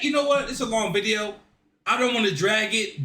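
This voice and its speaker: A man hosting a reaction video, talking casually, incredulous and excitable, repeating himself as he reacts. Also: high voice, brisk, distant mic. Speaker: reaction host. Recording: echoey room, voice off-mic.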